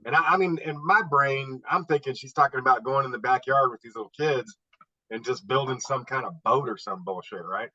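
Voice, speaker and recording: A man's voice: mid-range voice, a little fast, pushed and bright, dry recording. A man in a casual club chat, loose and profane, laughing as he tells stories over a video call. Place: home garage. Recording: dull lo-fi video call audio.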